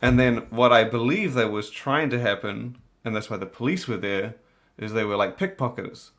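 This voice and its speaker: A man's voice: medium pitch, expressive, moderate pace, a bit bright. A man in casual chat, telling a travel anecdote in a rambling, laid-back way with many fillers.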